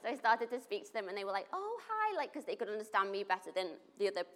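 A woman's voice: medium pitch, racing, slight background noise. A woman tells a story in a loose, chatty way. She leans on fillers like 'like' and 'you know' and brings the moments to life. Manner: animated, full of 'like' and 'you know', acts out quotes. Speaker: volunteer helping refugees. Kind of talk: casual spoken storytelling.

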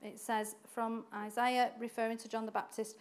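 A woman preaching a sermon in an animated way, acting out quoted voices and laughing often. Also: fairly high pitch, moderate pace.

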